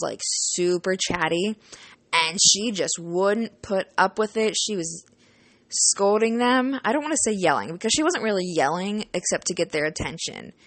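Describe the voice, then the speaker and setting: In a mid-range voice with no echo, a young adult woman recounts a casual storytime vlog about her student teaching partner. Her manner is chatty and emotional, full of "like," "you know," and casual swearing.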